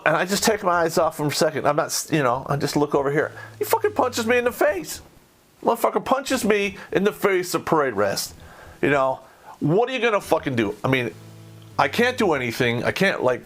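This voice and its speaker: Blunt, profane man telling a war story. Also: mid-range voice. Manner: blunt, swearing, animated when reenacting. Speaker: podcast host.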